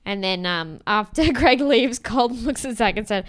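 A young woman with a bright, crisp voice pitched a little high, chatting casually as a podcast co-host. She rattles through a recap, swears freely and laughs often. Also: big pitch swings, slow pace.

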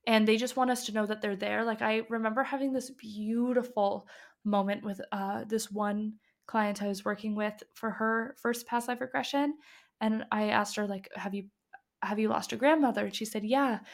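A young woman who works as a medium, chatting casually on a podcast and acting out the dialogue she quotes. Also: mid-range voice. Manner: chatty, lots of fillers, acts out quoted dialogue. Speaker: medium and past life regression guide.

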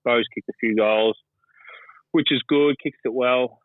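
Speaking at a measured pace with fairly even intonation, this Australian man has a mid-range voice and no echo around him. He's on a dry phone line as a guest pundit, rambling through casual sports talk with lots of fillers and swearing.

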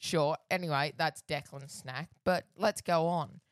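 A man's voice: a little high, steady tone, measured pace, no echo. A man, co-hosting a casual podcast, with a dry and laid-back delivery. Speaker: podcast co-host.

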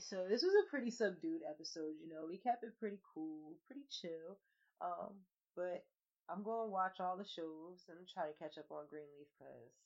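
Loud laughing woman podcast host. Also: fairly low pitch. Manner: loud, laughing, swearing slang banter. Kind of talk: casual podcast chat. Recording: slightly dull lo-fi podcast audio.

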